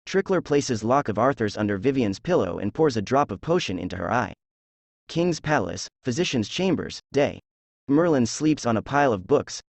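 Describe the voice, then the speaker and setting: Gravelly man reading a drama script. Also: mid-range voice, moderate pace, no echo. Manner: flat, reads stage directions and names. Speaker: script reader. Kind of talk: reading a drama transcript aloud.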